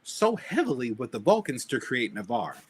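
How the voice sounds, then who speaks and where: A man co-hosting a podcast in casual chat, blunt and animated, laughing at his own jokes. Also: mid-range voice, normal speed, breathy edge. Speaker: podcast co-host.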